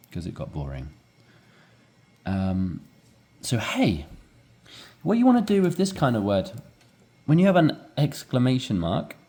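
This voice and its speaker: A man teaching English, explaining a dialogue and acting out rising inflection. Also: lowish voice. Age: adult with young children. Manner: animated, demonstrates rising inflection.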